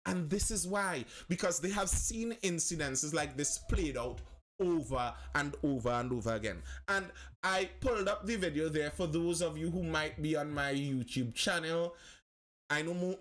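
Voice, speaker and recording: A man hosting a live-stream commentary. He talks with passion, repeats phrases for emphasis and answers viewers' comments as he goes. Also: fairly high pitch.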